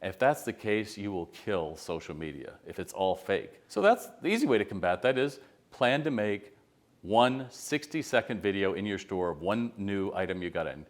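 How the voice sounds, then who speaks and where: A middle-aged retail consultant with a lowish voice and lively intonation speaks at a moderate pace, giving casual business advice straight to camera. He's a conversational storyteller who acts out quotes.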